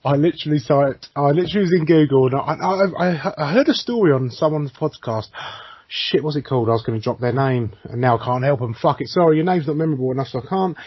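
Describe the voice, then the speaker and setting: Man, casual podcast chat, swears often, laughs a lot, husky, dull lo-fi sound. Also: mid-range voice, no room sound. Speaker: podcast co-host.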